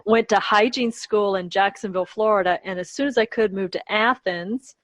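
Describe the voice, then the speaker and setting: A woman in her fifties hosting a podcast, talking in a lively, animated way. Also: mid-range voice, moderate pace, poor audio. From Georgia, USA. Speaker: podcast host. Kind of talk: casual podcast chat.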